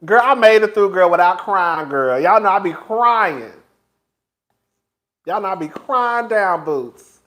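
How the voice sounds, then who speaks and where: A man with a high-pitched voice talks to his viewers in a loose, flamboyant, chatty way, tossing in girl and child. He records himself on a phone for his vlog. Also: animated, takes it slowly, fairly bright tone. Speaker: vlogger. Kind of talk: casual chat to viewers.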